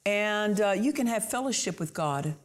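A woman's voice: medium pitch, expressive, normal speed, crowd noise. A woman preaching a sermon, earnest and emphatic, repeating key phrases for emphasis.

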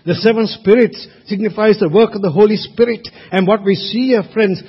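A man's voice: high voice, normal speed, slightly rough. A man preaching a sermon at a church service, emphatic and asking his congregation rhetorical questions. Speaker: pastor. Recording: reverberant hall, muffled sound.

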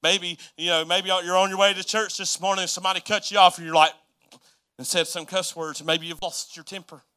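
A man's voice: high-pitched, level tone, brisk, pushed and bright, clean tone. A middle-aged pastor preaching a folksy, self-deprecating sermon, asking his congregation questions. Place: church sanctuary.

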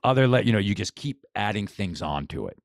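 A man's voice: lowish voice, lively intonation, a little fast, gravelly, no room sound, studio quality. A man, a boxing coach, talking casually as a podcast guest, enthusiastic and rambling with restarts. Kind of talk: casual interview chat.

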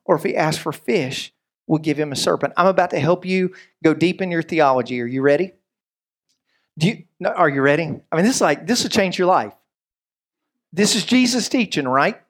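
A man's voice: high voice, slightly rough. Guy preaching, chatty sermon, does little voices, lots of restarts. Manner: lively, acts out voices and quotes; conversational with stammered restarts. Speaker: pastor.

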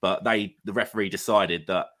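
A man's voice: low-pitched, steady tone, normal speed, fairly bright tone. A man on a football podcast panel, chatting plainly with restarts. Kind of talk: casual podcast chat.

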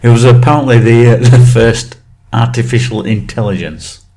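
A man's voice: medium pitch, moderate pace, mellow. A man co-hosting a casual podcast chat, rambling with crude jokes and frequent laughs. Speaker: podcast co-host.

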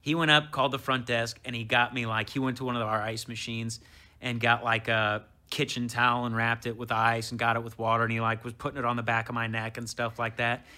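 A male comedian guest, in his thirties, delivers a story briskly at medium pitch during casual conversation, animatedly voicing what people said and swearing along the way.

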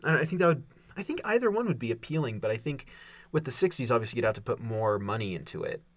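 A man's voice: medium pitch, lively intonation, fast, no room sound. A man co-hosting a podcast, chatting casually, with a rambling, self-repeating and playful way of talking. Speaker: podcast co-host.

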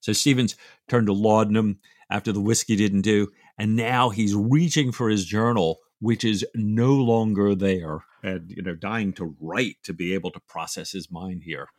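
A man co-hosting a book discussion podcast, talking in a reflective, emotional way with halting restarts. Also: fairly low pitch, steady tone, dry recording, clean studio sound. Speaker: podcast co-host.

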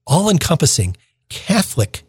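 Male deacon for a radio reflection: husky, dry close sound, casual explaining. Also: fairly high pitch, very animated, moderate pace, a little mellow, no echo. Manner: informal, plain-spoken explaining.

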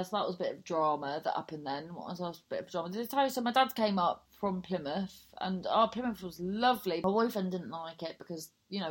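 Chatty woman telling a story. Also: fairly low pitch. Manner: chatty, swears freely, digresses and laughs. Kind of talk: casual anecdotal chat.

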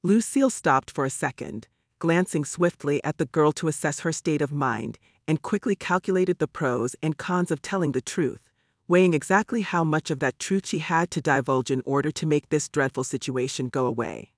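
A man reads a novel aloud in a measured, even way. His voice sits a bit high for a man and sounds dry and close to the mic, with no room around it. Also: no echo. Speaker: narrator. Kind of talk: audiobook narration.

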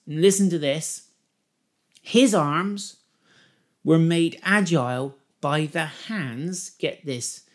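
A man with a fairly high voice walks listeners through a scripture passage in an informal teaching style. He talks with emphasis and animation, breaking off often to explain and stress key phrases. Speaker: Bible teacher.

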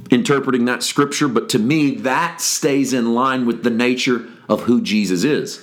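A man hosting a daily devotional podcast, explaining a gospel passage in a reflective teaching manner and reading the verses aloud. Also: medium pitch. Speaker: podcast host teaching scripture.

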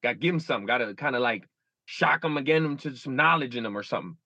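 A man's voice: mid-range voice, lively intonation, quick pace, bright, forceful tone, no echo, lo-fi sound. A man in his thirties, a guest in an interview, speaking earnestly with many restarts and repeats. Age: 30s. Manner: earnest, repeats and restarts, acts out inner voices. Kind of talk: emotional interview.

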